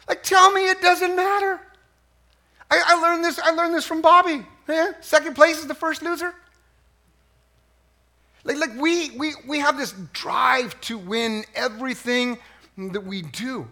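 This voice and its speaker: A middle-aged man preaching a sermon as pastor, animated and swinging from hushed lines to near yelling. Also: high voice, moderate pace.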